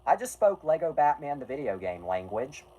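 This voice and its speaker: Casting note: animated stream host, voice swinging up and down, jokey and sarcastic, keeps losing the thread and saying "anyway". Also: mid-range voice, normal speed, low-quality recording. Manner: jokey, sarcastic asides, self-deprecating; often breaks off mid-sentence, restarts with "anyway". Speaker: streamer reading an article aloud to chat. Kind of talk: casual stream chat and read-aloud.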